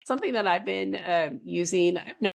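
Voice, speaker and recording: A woman's voice: medium pitch, a little fast, vocal fry. A woman coach giving a monthly energy reading in an earnest, reassuring way, her voice worn from a recent cold. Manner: earnest, reassuring, repeats phrases.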